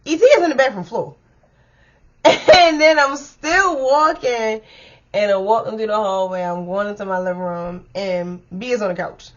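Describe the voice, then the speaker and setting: Lady ranting a storytime to her viewers, cussing a lot, mid pitch voice, kinda muffled audio. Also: a little slow. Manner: animated, profane, talks straight to viewers. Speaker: storytime vlogger. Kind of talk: casual storytime monologue. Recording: dull lo-fi sound.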